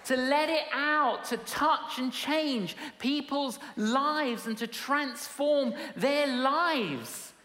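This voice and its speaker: A woman's voice: high voice, drawn-out words, hardly any pauses, a bit bright. A woman preaching a sermon in a large hall, emphatic and humorous, with repetition and punchlines. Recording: echoey hall with long reverb.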